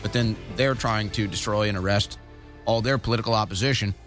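A man's voice: on the low side, a little fast, a bit bright, soft background music. A man hosting a political talk show, delivering heated, sarcastic, indignant commentary.

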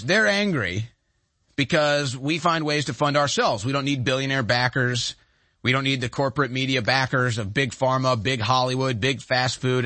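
A man's voice: medium pitch, pushed and bright, dry recording. A man hosting a talk show, giving emphatic, sarcastic political commentary.

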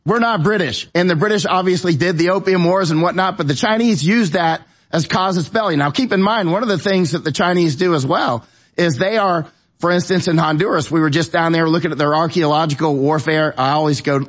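A man's voice: a little high, a little fast, a bit bright. A man appearing as a guest on a talk show, chatting in a rambling, digressive way with many restarts. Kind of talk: casual talk show conversation.

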